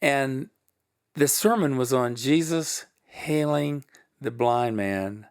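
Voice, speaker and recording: A middle-aged man with a Southern US accent, a guest telling personal stories in an animated way, with a lot of pitch swings and laughter. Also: slow pace, clean tone. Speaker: guest, production company head. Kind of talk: storytelling interview.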